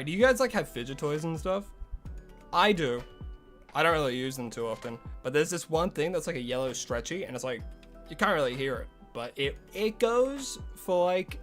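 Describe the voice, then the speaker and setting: A man's voice: fairly high pitch, animated, normal speed, fairly bright tone, soft background music. A man live-streaming a game, chatting casually with viewers, greeting them by name and rambling about his setup. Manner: chatty, greets chat by name, loose asides. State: recovering from a headache.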